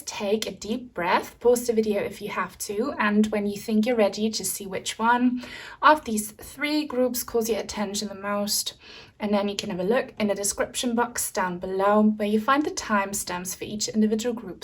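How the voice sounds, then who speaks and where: A woman giving a pick-a-card tarot reading in a gentle, soothing way, a little out of breath. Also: mid-range voice. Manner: gentle, soothing, open-hearted delivery. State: slightly out of breath. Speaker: tarot reader.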